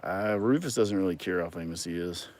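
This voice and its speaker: Lowish-voiced man rambling on a livestream. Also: brisk, darkish tone. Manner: rambling, many ums and restarts; dry sarcasm. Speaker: livestream host answering viewer comments. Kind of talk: casual chat.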